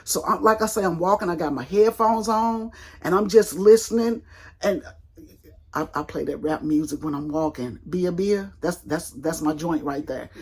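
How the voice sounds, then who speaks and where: An older woman vlogging, telling a long story in a colloquial, animated way and acting out the people in it. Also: lowish voice, normal speed, breathy edge. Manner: colloquial, rambling with restarts. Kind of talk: casual storytelling vlog.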